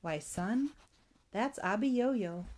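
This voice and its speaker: A woman voicing a mischievous country father who is a magician, speaking in a slow, easygoing drawl. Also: medium pitch, lively intonation, a little mellow. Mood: worried.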